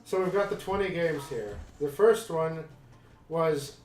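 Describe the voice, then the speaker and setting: Man, slow, slightly high voice, halting game commentary, echoey room. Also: lively intonation, darkish tone, soft background music. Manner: hesitant, halting, with fillers. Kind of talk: let's play commentary.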